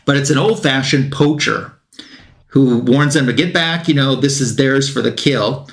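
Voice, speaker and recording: A man at an ordinary pitch recaps a comic for a review show, talking loosely with plenty of fillers and restarts. When he quotes the characters, he speeds up and reads their lines without putting on voices. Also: normal speed. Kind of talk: casual comic recap, reading dialogue aloud.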